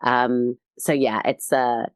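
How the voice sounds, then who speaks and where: A woman comedian chatting as a podcast guest, telling animated stories and acting out quotes, swearing freely. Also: extremely low pitch, takes it slowly, clean tone, dry recording, clean studio sound. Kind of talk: casual podcast chat.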